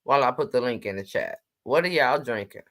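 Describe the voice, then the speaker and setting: Woman, livestream host, low voice, chatty and teasing. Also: expressive, fairly quick, a bit bright. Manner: chatty, teasing, greets viewers by name. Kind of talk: casual livestream chat.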